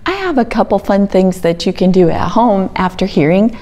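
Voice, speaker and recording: A woman hosting a library storytime, reading a picture book aloud to young children in a gentle, sing-song way. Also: medium pitch, expressive, moderate pace, faint music behind.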